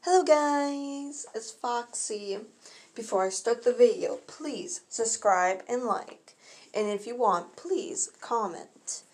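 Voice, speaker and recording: A woman's voice: a little high, slow. A woman casually reading her own first-person fan story aloud. She often stumbles and corrects herself mid-sentence.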